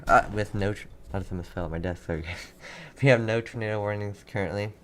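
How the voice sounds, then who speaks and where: A man's voice: lowish voice, fast, heavy background noise. A young man hosting a casual live weather stream from his desk, reading viewers' comments and repeating town names as he gives storm alerts. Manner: casual, distracted, repeats place names from chat. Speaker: livestream weather host.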